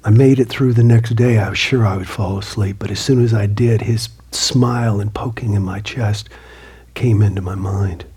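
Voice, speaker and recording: A man tells a personal story to an audience in an earnest way. His voice is very breathy and husky, with a mellow, warm tone. He often sinks into a hushed near-whisper. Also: on the low side, fairly even intonation, moderate pace. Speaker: motivational speaker and author.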